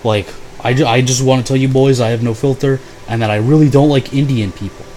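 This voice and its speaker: A man's voice: medium pitch, steady tone, brisk, mellow, a little hiss or hum, lightly acted. Dude doing his blunt awkward roommate, pretty much his own voice.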